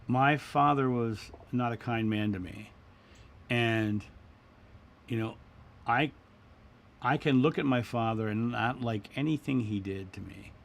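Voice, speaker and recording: A middle-aged man hosting a spiritual livestream, talking in a gentle, reflective way as he answers viewers. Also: mid-range voice, a little slow, creaky, long pauses. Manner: gentle, reflective, repeats words and restarts. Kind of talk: casual spiritual talk.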